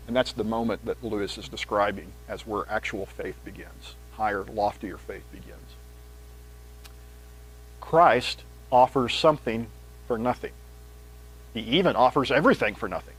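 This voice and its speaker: Animated male preacher, conversational. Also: husky, poor audio. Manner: conversational, animated, reads scripture with rising pitch and volume. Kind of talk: sermon, teaching and reading aloud.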